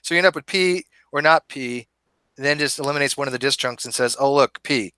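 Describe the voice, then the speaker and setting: A man hosting a live online debate show, talking in an animated, emphatic and argumentative way. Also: medium pitch, fairly quick, clean tone, no echo. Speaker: host. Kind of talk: casual debate chat.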